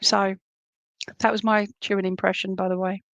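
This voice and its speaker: A woman giving live psychic readings to viewers, chatty and animated, humming tunes and relaying messages as she goes. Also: medium pitch, normal speed, dry recording, lo-fi sound.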